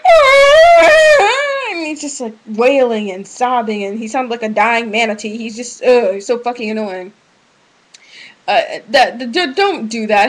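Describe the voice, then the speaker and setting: A woman's voice: a little high, rough recording. A young woman giving casual relationship advice into a webcam, rambling, frank and full of restarts.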